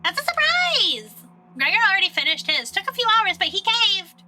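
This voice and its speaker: A woman's voice: very high voice, expressive, fast, sharp tone, pitched above the performer's own voice, exaggerated voice. A woman voicing a snobby, sinister young woman from a game, reading her lines in a put-on posh accent with eager, sweetly menacing delivery. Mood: chipper. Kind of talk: dramatic reading of game dialogue.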